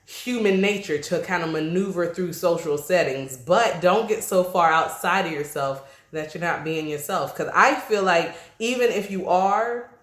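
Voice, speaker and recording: A woman with an East Coast accent, chatting casually to camera with lively, slangy asides and frequent laughter. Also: fairly low pitch, moderate pace, hardly any pauses. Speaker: vlogger. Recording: roomy echo.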